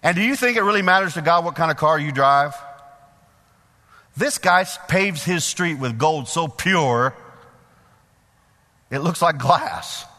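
Male preacher, bright forceful voice, fairly high pitch, folksy sermon, long church reverb. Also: unhurried, pauses often. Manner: folksy, animated, calls out questions to the congregation. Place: church hall with a congregation.

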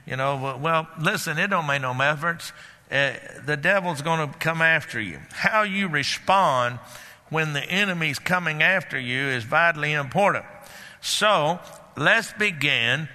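An older man delivers a sermon in a slightly high, very bright voice. His talk is folksy and halting, full of fillers and restarts. The sound carries a long hall reverb. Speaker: pastor.

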